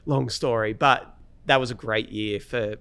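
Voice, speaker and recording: An Australian guitarist in his thirties or forties chats easily as a guest in a casual interview, telling stories in a relaxed way full of fillers and restarts. His medium-pitched voice is smooth and unhurried with vocal fry, on a dry recording.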